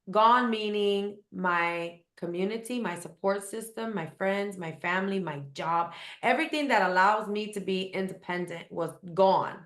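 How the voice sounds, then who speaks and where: A woman's voice: medium pitch, fairly bright tone, reverberant. A woman guest in an interview, telling a personal story earnestly and emphatically, often repeating words for weight.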